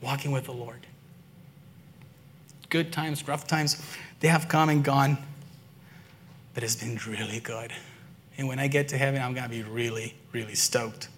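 A man with children preaching a sermon, telling personal stories in an earnest way that swings from hushed to excited. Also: medium pitch, unhurried, pauses often, slight background noise. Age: adult, father and son-in-law. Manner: earnest storytelling, swinging between quiet and excited. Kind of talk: sermon testimony.

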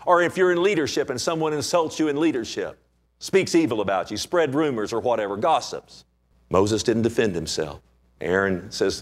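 Animated preacher, voice swinging high and low. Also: male voice, normal speed. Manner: animated, acts out scripture characters; pitch swings widely for emphasis. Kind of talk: sermon.

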